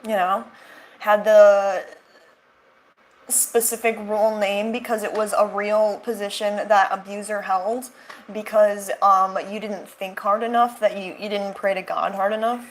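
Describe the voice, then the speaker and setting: A woman's voice: medium pitch, level tone, a little slow, poor audio. A young woman hosting casual reaction commentary, sarcastic and rambling, full of fillers and restarts. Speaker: commentary channel host.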